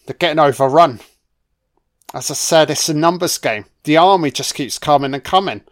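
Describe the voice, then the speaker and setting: A man talks through a film in a slow, unhurried way, reacting excitedly and swearing freely. His voice is clear and smooth, and he sits at a middle pitch for a man. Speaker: film commentator. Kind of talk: casual film commentary.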